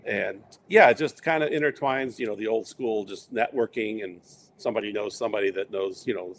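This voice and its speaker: A middle-aged man telling long, rambling stories in a relaxed interview, acting out quoted lines along the way. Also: fairly low pitch, fairly quick, slight background noise. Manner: rambling anecdotes with quoted asides. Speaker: interview guest. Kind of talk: casual storytelling.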